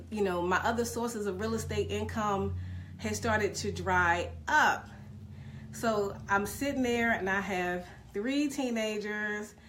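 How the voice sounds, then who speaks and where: A woman's voice: mid-range voice, a bit bright. A middle-aged woman in a casual live stream, telling viewers about her hard times, emotional and calling them "y'all". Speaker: direct-sales business mentor.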